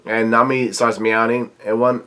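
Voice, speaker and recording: A man hosting a manga reaction, reading a chapter aloud with his own remarks. He talks haltingly, with frequent restarts and fillers. He reads the characters' lines flatly. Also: medium pitch.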